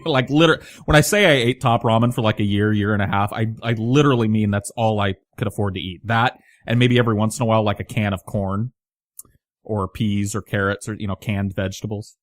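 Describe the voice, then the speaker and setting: A man in his thirties with a light Southern twang hosts his own channel, delivering a casual monologue to camera that rambles, swears often, pokes fun at himself, and restarts a lot. His voice is on the low side. The sound is clean studio audio with no echo.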